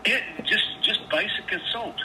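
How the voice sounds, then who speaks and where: A man's voice: high voice, normal speed, pushed and bright. A man on a phone call, swearing often and stammering through restarts as he tells his side. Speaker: caller. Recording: phone line with background noise.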